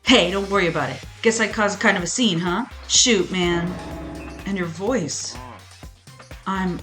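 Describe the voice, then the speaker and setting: Woman voicing loud, gruff game teen boy, cocky tough-guy swagger, faint music behind. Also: on the low side, unhurried, lightly acted.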